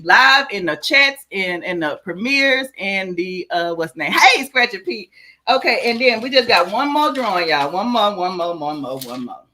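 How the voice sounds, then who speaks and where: A woman's voice: medium pitch, sing-song, moderate pace, bright, forceful tone. A woman hosting a livestream giveaway, reading out supporters' names in a hyped, sing-song way. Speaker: channel host. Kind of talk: livestream giveaway shout-outs.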